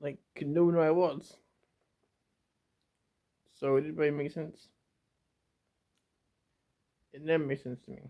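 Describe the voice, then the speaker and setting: Young male vlogger, emotional confessional, repetitive and halting, fighting tears, slightly raised pitch, muffled lo-fi sound. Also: little pitch movement. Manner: rambling and repetitive, stumbling over words. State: close to tears. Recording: dull lo-fi home video.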